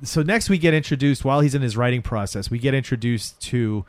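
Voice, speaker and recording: A man talks through a film's plot in loose, profane chat, his voice at an ordinary middle pitch. He jumps into the characters' lines as he goes. The recording is dry, with no room sound. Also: fast, no room sound. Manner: animated retelling, acting out characters' lines. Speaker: podcast co-host recapping a film.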